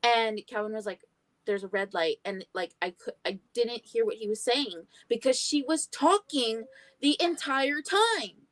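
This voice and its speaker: With a fairly high voice at a measured pace and no echo, this young livestream host chats casually. She's a talkative storyteller who curses freely and re-enacts people's words.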